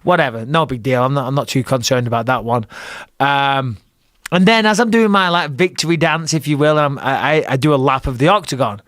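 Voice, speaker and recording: A middle-aged man telling a fight story in a casual podcast chat, animated and profane, with frequent restarts. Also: mid-range voice, a little fast, no room sound, clean studio sound. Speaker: guest, retired fighter and commentator.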